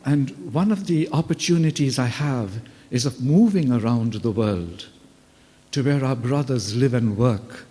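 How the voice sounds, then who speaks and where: A man's voice: mid-range voice, darkish tone. A man, a religious brother, giving an earnest storytelling address to students. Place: school hall. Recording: long hall reverb.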